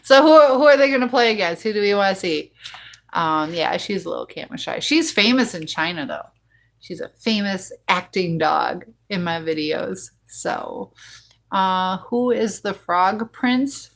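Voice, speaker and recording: A woman rambles through a relaxed livestream from her home. She is chatty and loose, with plenty of ums and side tangents, and she reads viewers' comments aloud between her own stories. Her voice sits at an ordinary middle pitch. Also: unhurried. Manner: chatty and rambling, full of fillers. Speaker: livestream host. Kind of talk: casual live chat, reading viewer comments aloud.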